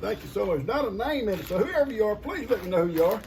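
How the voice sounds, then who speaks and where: Older man, folksy and rambling, high and lively voice, noisy home recording. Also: quick pace, creaky. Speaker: vlogger opening gifts. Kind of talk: casual chat to viewers.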